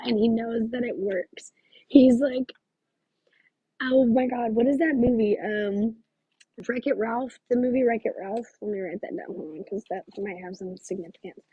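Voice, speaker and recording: A woman's voice: fairly high pitch, dark tone, breathy edge, no echo, poor audio. A woman working as a psychic medium, talking through a live reading in a gushing, exclamatory way and thinking aloud with many fillers.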